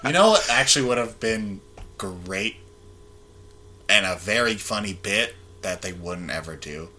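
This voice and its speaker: A man's voice: lowish voice, lively intonation, a little slow, pushed and bright, rough recording. A young man co-hosting a casual movie chat, opinionated and swearing freely. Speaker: podcast co-host.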